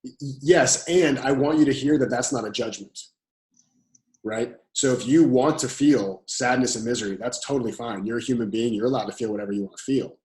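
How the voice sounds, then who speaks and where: A man of ordinary pitch who coaches calmly through a podcast interview, going back over his key phrases. His voice carries a noticeable room echo. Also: fairly quick. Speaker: guest coach and author.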